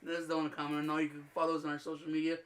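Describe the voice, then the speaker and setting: High-voiced man telling a laughing story. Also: completely flat delivery, racing. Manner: laughing storyteller, swears often. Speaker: podcast co-host. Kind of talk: casual chat.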